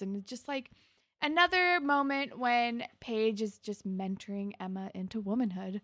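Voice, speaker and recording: A woman's voice: on the high side, normal speed, a bit bright, dry recording, studio quality. A young woman co-hosting a casual recap podcast, retelling scenes with laughs and the odd swear. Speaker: podcast co-host.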